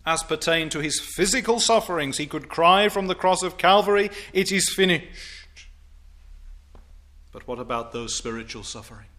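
A man preaching a sermon in a measured, emphatic way, stressing key phrases and dropping to a low, quiet voice on solemn points. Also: lively intonation.

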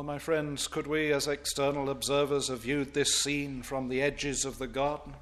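Dramatic, slow-preaching male pastor. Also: medium pitch. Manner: dramatic swings from loud declaiming to hushed reverence. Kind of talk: sermon.

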